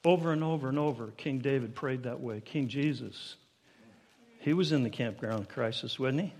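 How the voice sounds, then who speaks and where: A man preaching a sermon to his congregation, building to emphatic, higher-pitched peaks and asking them questions directly. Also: normal speed, darkish tone. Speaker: pastor.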